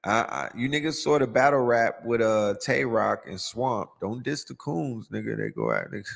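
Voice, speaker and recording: A man hosting a podcast, giving animated, profane commentary in street slang. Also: medium pitch, normal speed, gravelly, in a large hall, slight background noise. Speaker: podcast host. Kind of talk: casual conspiracy commentary.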